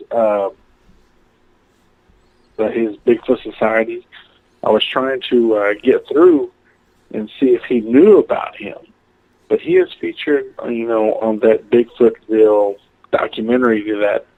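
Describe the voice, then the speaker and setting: A man's voice: medium pitch, measured pace. A male caller from Oklahoma chatting casually and rambling, with lots of fillers, over a phone line. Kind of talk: casual call-in chat.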